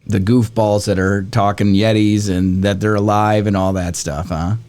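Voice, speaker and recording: A man's voice: fairly low pitch, little pitch movement, normal speed, darkish tone, smooth. A man co-hosting a casual podcast, asking short questions and chiming in with brief agreement. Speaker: podcast co-host.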